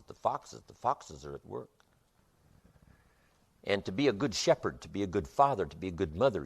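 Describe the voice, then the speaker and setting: A man giving a motivational seminar lecture with an emphatic, repetitive rhythm. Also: deep voice. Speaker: motivational speaker.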